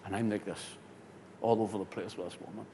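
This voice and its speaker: Pastor telling a story in a hall. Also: male voice, fairly quick. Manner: animated storyteller, swings from loud to hushed. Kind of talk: sermon storytelling. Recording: hall reverb with faint rumble.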